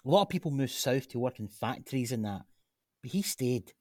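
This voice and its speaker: A man's voice: mid-range voice, a little fast, no echo, clean studio sound, lightly acted. A man playing an earnest Glaswegian local. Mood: reflective. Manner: earnest, persuasive, animated. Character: earnest local man, grandson of a chip-shop cook. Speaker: local man pitching a gym. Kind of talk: radio drama acting.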